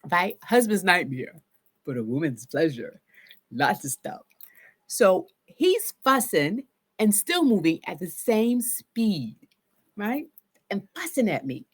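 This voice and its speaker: Speaking slowly with a breathy edge in a mid-range voice, a woman therapist shares a personal story. Her telling is casual and animated, and she performs her own shouting and self-talk.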